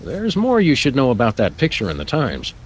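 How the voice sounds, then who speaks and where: An actor voicing a deadpan dog detective in a video game, dry and matter-of-fact. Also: male voice, medium pitch, brisk, slight background noise. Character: deadpan canine detective, middle-aged.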